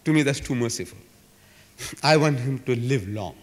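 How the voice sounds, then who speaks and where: A man's voice: medium pitch, animated, normal speed. A man giving an emphatic, dramatic public lecture in a large civic hall, full of repetition and rhetorical flourishes. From South Africa. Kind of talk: public lecture to a live audience. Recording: echoey hall recording.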